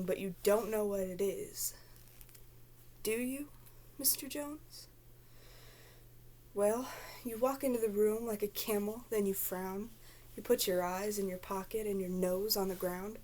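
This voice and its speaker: A woman's voice: medium pitch, warm tone. A woman performing a dramatic spoken-word recitation, theatrical in delivery and dropping into whispers at times.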